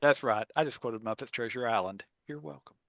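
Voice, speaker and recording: A man's voice: medium pitch, fairly quick, gravelly, a bit bright, no room sound. A man co-hosting a podcast, talking in a nerdy, self-mocking way and stammering when he restarts. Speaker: podcast co-host. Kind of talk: casual chat.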